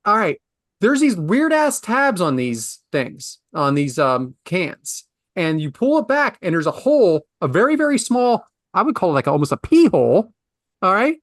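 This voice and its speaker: A man in his forties tells a story in a ranting, exasperated way, his pitch leaping from low mutters to high outbursts. The sound is close and dry, with no room around it. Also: very animated, normal speed, dry recording. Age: 40s. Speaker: podcast host. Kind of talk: casual storytelling.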